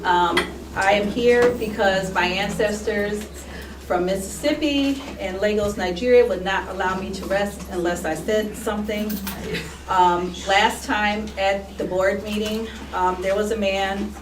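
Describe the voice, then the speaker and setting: A woman giving measured, pointed public comment at a board meeting. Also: mid-range voice, steady tone, echoey room, recorded from a distance, noisy background.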